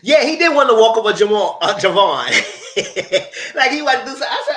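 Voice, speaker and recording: A man giving a live recap of a reality show, retelling scenes in an animated way and acting out what the cast said. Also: very high voice, brisk. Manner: animated retelling, acts out cast members' lines. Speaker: show reviewer.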